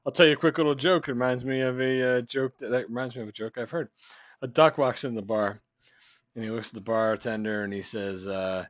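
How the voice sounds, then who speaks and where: A man's voice: mid-range voice, steady tone, fairly quick, no echo. An American man hosting a reaction video drifts into a loose, rambling joke. He talks in an easy, casual way. The sound is dry and close, and a little dull. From United States. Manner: easygoing, rambling joke telling.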